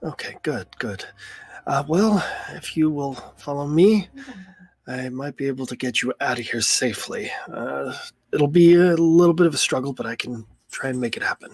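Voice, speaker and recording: A man playing a calm, guarded doctor. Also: mid-range voice, normal speed, slightly rough, no echo, soft background music. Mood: hushed.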